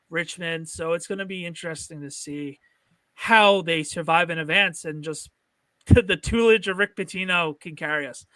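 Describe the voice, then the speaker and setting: A man's voice: sits high, pushed and bright, clear, resonant tone, no echo. A man with a North Jersey accent, co-hosting a sports podcast in rambling casual chat full of fillers.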